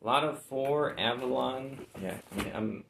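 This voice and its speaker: A man's voice: medium pitch, normal speed, gravelly, fairly bright tone, reverberant, slight background noise, poor audio. A man chatting casually about items he has sold, laid-back and rambling with lots of fillers. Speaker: reseller showing sold items. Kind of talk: casual chat.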